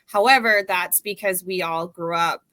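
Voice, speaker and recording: A woman's voice: on the low side, moderate pace, pushed and bright, dry recording. A woman giving her opinions in a casual panel discussion, talking freely with many "like" fillers. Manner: opinionated, filler-heavy with frequent "like". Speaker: panel guest.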